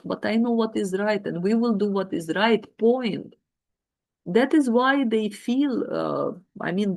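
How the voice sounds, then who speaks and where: A woman's voice: mid-range voice, a little mellow. A middle-aged woman talking about parenting, firm and emphatic yet often hesitating with fillers. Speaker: mother giving parenting advice. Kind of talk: casual monologue.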